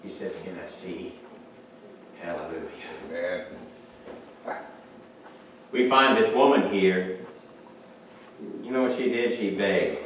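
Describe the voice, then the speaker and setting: A male pastor preaching a sermon, swinging from hushed to shouting and asking the congregation questions. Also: deep voice, takes it slowly, long pauses, a little hiss or hum. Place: church sanctuary. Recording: echoey church hall from far off.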